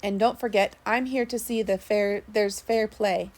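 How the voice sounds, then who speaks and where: A woman's voice: mid-range voice, steady tone, a little slow, close to an everyday voice. A woman doing a bellowing ship's mate. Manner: shouted orders. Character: rough ship's mate, man, commanding, bellowing.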